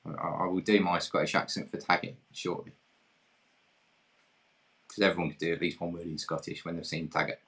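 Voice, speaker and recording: A man's voice: deep voice, flat delivery, brisk, long pauses, a bit bright. A man from England hosting an online pub quiz, reading questions in a jokey, self-deprecating way. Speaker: quiz host.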